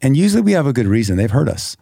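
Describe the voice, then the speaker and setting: A man's voice: medium pitch, very animated, very fast, vocal fry, warm tone, no room sound, clean studio sound. A middle-aged man speaking earnestly as a podcast guest, giving personal testimony with emphatic, acted-out quotes. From United States. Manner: earnest, emphatic, acts out quoted prayers and dialogue.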